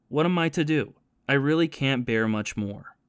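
Remorseful ex-soldier and thief confessing his past, read by a man, steady and plain, dry booth sound. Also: medium pitch, normal speed, clear, resonant tone, no echo, close to an everyday voice. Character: remorseful former soldier and thief, haunted by guilt.

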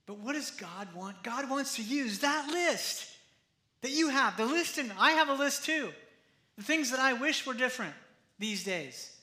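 A man pastor preaching a sermon in a conversational, animated way, often acting out the quotes. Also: extremely high pitch, unhurried, reverberant.

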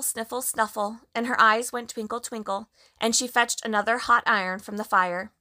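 Bright-voiced woman reading a storybook. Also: a little high, steady tone, moderate pace. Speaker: narrator.

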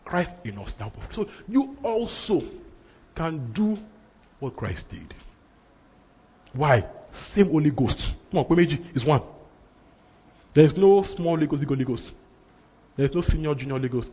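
A man's voice: on the high side, animated, normal speed, pauses often, mellow, husky. A man preaching a sermon, emphatic and repeating his phrases for effect. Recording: reverberant hall.

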